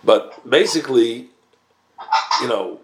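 A man's voice: mid-range voice, animated. A man teaching a text study class, reading Hebrew phrases and explaining them in English. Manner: unhurried, careful explaining. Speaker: Torah teacher.

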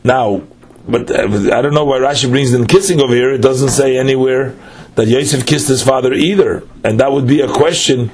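A man's voice: medium pitch, fairly even intonation, brisk, a little mellow. A man, teaching a text study lesson: he reads phrases aloud, then explains them line by line with patient questions.

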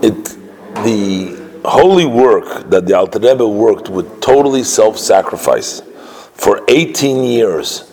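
A man recounts a religious story, pausing often and restarting his phrases with lots of filler sounds. His voice sits a little low. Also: darkish tone, poor audio. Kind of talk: storytelling lesson.

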